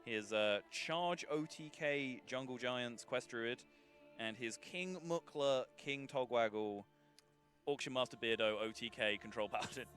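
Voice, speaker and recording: Bright-voiced male esports caster. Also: medium pitch, a little slow, faint music behind. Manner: chatty, laughs often. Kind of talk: live esports commentary.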